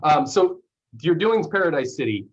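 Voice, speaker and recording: Podcast host: man with a husky voice, relaxed and keen, on slightly dull audio. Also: fairly high pitch, moderate pace. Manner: laid-back, enthusiastic, says dude and sick. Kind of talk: casual podcast chat.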